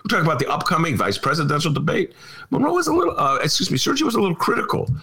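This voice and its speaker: A man hosts a casual political podcast. His pitch leaps all over the place and his tone is bright and forceful. He is chatty and self-deprecating, and he laughs often. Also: huge pitch swings, rapid-fire. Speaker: podcast host.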